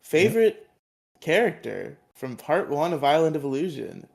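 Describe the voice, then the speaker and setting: A man's voice: fairly high pitch, normal speed, gravelly. A man co-hosting a casual podcast, recapping episodes with lots of laughter and acted-out lines. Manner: animated, laughs often, acts out characters' lines. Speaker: podcast co-host.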